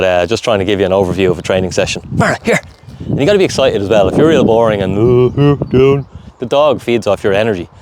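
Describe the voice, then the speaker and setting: A man's voice: lowish voice, darkish tone. A man dog trainer giving commands, cheerful praise and running explanations during a live training session outdoors. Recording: outdoor background noise.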